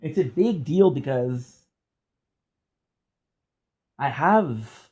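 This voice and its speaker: A man's voice: mid-range voice, animated, extremely slow, darkish tone, breathy edge, muffled recording. A man talking casually to his viewers as a gaming streamer, frustrated, swearing and repeating himself. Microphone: phone.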